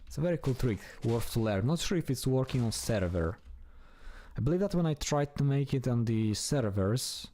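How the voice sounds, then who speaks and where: A man's voice: medium pitch, lively intonation, moderate pace, dark tone. A man giving casual, chatty commentary while he plays a building game, talking to himself and swearing now and then. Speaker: gameplay streamer.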